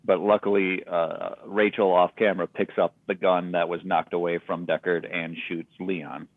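Very deep-voiced man on a tinny line. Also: normal speed, no echo. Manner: relaxed, storytelling, recapping plot. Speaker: podcast co-host. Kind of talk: casual movie recap chat. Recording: dry, phone-like sound.

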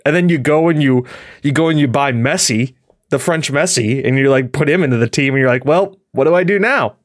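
A man's voice: medium pitch, brisk, dry recording, clean studio sound. Man chatting animatedly on a podcast. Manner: rambling, animated, laughs often. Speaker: podcast host. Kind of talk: casual chat.

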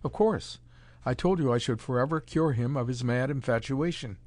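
A man's voice: medium pitch, moderate pace, darkish tone, no room sound, close to an everyday voice. A man voicing a mad, mocking male scientist with a cold, gloating manner, in a dry storybook reading.

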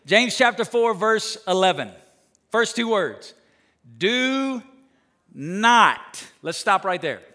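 A man preaching a sermon as pastor, emphatic, swinging from loud declarations to hushed asides, joking with the congregation. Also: sits high, animated, a little slow.

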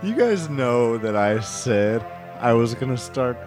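Man, co-host, comedy podcast banter, deadpan, unhurried. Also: mid-range voice, over music.

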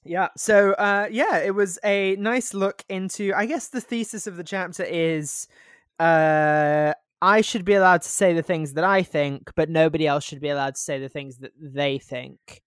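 A man's voice: fairly high pitch, steady tone, moderate pace, fairly bright tone, smooth, no echo. Man, podcast co-host, wry, blunt, dry close recording, casual chat.

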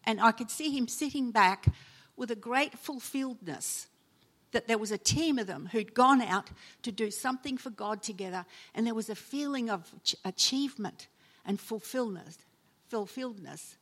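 A woman's voice: fairly high pitch, moderate pace, husky. A woman preaching a sermon, telling personal stories and acting out the people she quotes with sudden emotional lifts. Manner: storytelling, acts out quoted voices with sudden loud emotional lifts. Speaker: preacher and chaplain.

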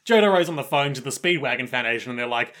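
Animated young man recapping an anime. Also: mid-range voice, quick pace. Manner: animated, laughs often, acts out character lines. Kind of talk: casual chat retelling an episode.

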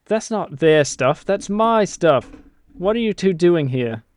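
A man voicing a skeletal male scholar in robes, speaking slowly and indignantly with a British accent. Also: high-pitched, animated, darkish tone, clean tone, no echo, pitched above the performer's own voice. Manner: slow, drawn-out indignant delivery.

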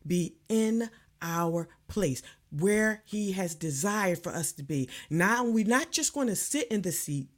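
A woman preaching a sermon in a calm, measured way, repeating key phrases for emphasis. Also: medium pitch.

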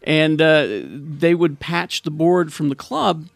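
A man with a somewhat high, gravelly voice recorded close and dry talks through old radio stories in a relaxed way. He drifts and swears casually as he chats with friends on a podcast. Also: slow pace, dry recording. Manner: laid-back, profane storytelling. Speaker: radio host.

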